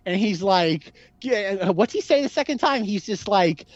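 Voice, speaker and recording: A man co-hosting a podcast about movies, rambling casually with lots of "like" and lively quoted impressions. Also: high-pitched, unhurried, no room sound, dull audio. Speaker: podcast co-host. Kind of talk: casual film discussion.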